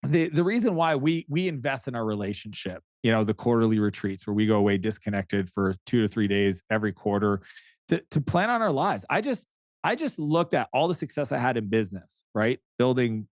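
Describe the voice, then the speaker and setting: A man's voice: on the low side, fast talker, no echo. A middle-aged man from Canada, a podcast guest chatting casually, telling stories animatedly with frequent restarts. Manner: animated storyteller who acts out quoted dialogue, frequent restarts. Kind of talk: casual interview chat.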